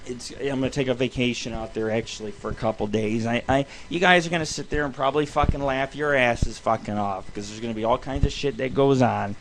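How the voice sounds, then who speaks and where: A young adult man hosting a show from his home studio, ranting in a loose, swearing, excitable way. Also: medium pitch, fairly quick, creaky, few pauses, a little hiss or hum. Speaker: radio show host. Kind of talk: profane rambling monologue.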